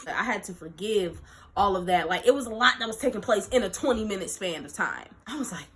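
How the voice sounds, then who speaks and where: A young woman vlogger telling a story in a lively, animated way, acting out quotes and laughing often. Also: a little high, moderate pace. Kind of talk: storytime vlog.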